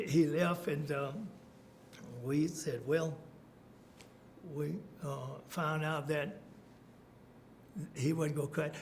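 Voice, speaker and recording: A man's voice: fairly high pitch, a little hiss or hum. An older man, recounting memories in an oral history interview, chuckling and restarting his sentences. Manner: storytelling, chuckling, many fillers and restarts.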